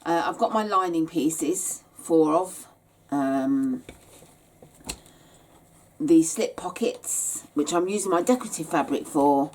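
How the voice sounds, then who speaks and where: Woman, tired, low and unhurried; rambling craft-tutorial host. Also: a little mellow. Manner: chatty and rambling, many hesitations. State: tired, yawning. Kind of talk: casual step-by-step craft tutorial.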